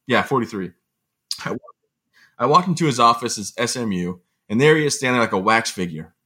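A man from Michigan, a motivational speaker as guest, telling lively self-mocking stories in a casual way. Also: medium pitch, brisk, husky. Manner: lively, self-mocking, often laughing and acting out quotes. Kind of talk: casual anecdotal storytelling.

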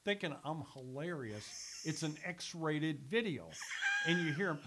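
An older man, a former sales executive, telling animated stories in a casual chat and laughing as he goes. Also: fairly high pitch, normal speed, noisy background.

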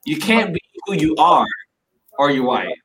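A man's voice: a little high, very animated, unhurried, background noise. A man in a group discussion, speaking passionately and emphatically, firing off rhetorical questions. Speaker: discussion participant.

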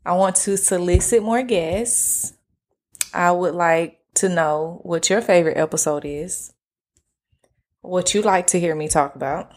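A woman hosting a podcast solo, talking in a relaxed, slangy way with a flat, monotone delivery and casual swearing. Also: lowish voice. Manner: self-described monotone delivery. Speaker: podcast host.

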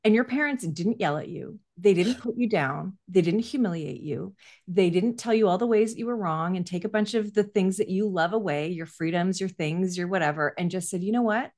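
A woman's voice: on the low side, moderate pace, darkish tone. A woman hosting an interview, enthusiastic and emphatic, who talks in vivid hypotheticals. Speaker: podcast host, parent coach. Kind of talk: conversational interview.

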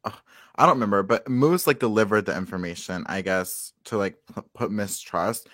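A man's voice: on the low side, moderate pace, fairly bright tone, no echo, clean studio sound. A man co-hosting a casual recap chat, hedging often with "like" and "I guess". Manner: hedging, many fillers like "like" and "I guess". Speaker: podcast co-host.

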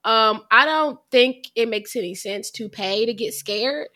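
A woman co-hosting a podcast, talking about a film in an animated, chatty, self-deprecating way. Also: a little high, unhurried. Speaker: podcast co-host. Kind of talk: casual podcast chat.

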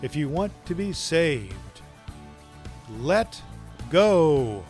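A solemn voice of God booms down from above, each word slow and weighty, as a man puts it on. The delivery is grave and deliberate. The lines come inside a told joke. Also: sing-song, darkish tone, soft background music, full character voice. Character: booming male voice of God from above. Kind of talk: joke storytelling.

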